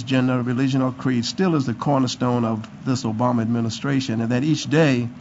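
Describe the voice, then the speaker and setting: Hoarse man giving formal remarks. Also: mid-range voice, muffled recording, a little hiss or hum. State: hoarse from the flu. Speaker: committee chair presenting. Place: meeting room.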